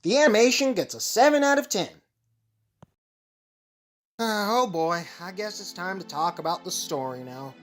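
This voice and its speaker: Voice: mid-range voice, normal speed, pauses often, faint music behind, close to an everyday voice. A performer voicing a dry, sarcastic male clay-animation figure who reviews movies. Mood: calm. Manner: deadpan, sarcastic.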